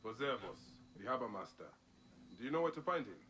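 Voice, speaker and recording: An actor playing a stern male warrior in a video game who questions townsfolk with calm, probing questions. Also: mid-range voice, fairly quick, slight background noise.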